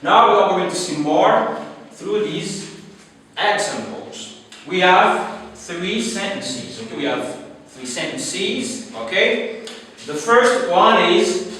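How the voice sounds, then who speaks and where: Man, English teacher, phonics lesson, very slow, keeps asking okay, far off mic, long hall reverb. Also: sits high, animated, a bit bright, slight background noise. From Haiti. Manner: repeats words slowly, checks in with "okay?" often. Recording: roomy echo, far from the mic.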